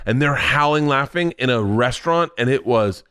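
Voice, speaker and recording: A man hosting a podcast, joking loudly and reacting fast in casual comedic chat. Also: mid-range voice, lively intonation, background noise. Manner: loud, joking, quick reactions. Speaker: podcast host.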